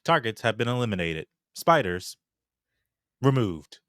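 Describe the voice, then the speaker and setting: Male player voicing a deadpan robot construct for a tabletop game: low, slow, clipped, dry. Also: no echo. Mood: clipped, robotic. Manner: flat, clipped machine-like reports. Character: clipped, emotionless robotic construct hunting its soul. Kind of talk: tabletop role-play.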